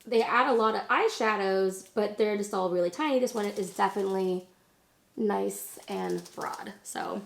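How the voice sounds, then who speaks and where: A woman in her thirties, hoarse from laryngitis, chatting casually and rambling through a makeup tutorial. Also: medium pitch, normal speed, a little hiss or hum. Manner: chatty, rambling, lots of fillers. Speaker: beauty vlogger.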